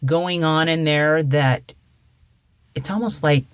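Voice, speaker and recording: A woman's voice: low voice, takes it slowly, smooth, dry recording. A middle-aged woman hosting an interview, conversational and affirming as she shares her own experience. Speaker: podcast host. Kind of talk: casual interview.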